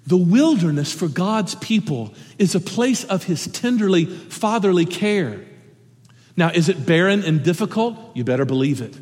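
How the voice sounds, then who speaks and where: Man preaching in a reverberant hall. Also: high voice. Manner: earnest, impassioned preaching with sudden drops to a hush. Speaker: pastor. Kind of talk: sermon. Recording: long reverb of a large hall.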